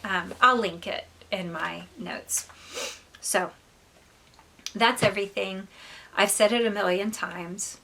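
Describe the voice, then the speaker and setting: A woman talking casually to her viewers in a husky, slightly gravelly voice with a bright, forward edge. She sounds congested and stuffed up, rambling chattily with plenty of filler words. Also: mid-range voice, fairly even intonation, slow pace, long pauses. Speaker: knitting podcast host. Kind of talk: casual chat to camera.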